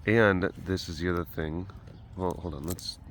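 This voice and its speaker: A man's voice: low-pitched, steady tone, moderate pace, a little hiss or hum. A man hosting his own vlog from an animal facility, telling stories in a rambling, chatty way full of fillers. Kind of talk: casual chat.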